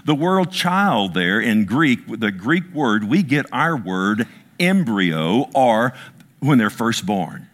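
A middle-aged man delivers a sermon from the pulpit. His voice has a pitch that moves a lot, rising and falling as he speaks. He keeps turning to the congregation with questions. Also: very animated, takes it slowly, a bit bright. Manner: preachy call-and-response, asks the congregation. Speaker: pastor.

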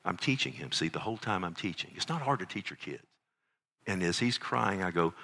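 Man, middle-aged, pastor's sermon, lowish pitch, animated. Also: brisk. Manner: animated, rhetorical questions, acts out child's voice. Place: church sanctuary.

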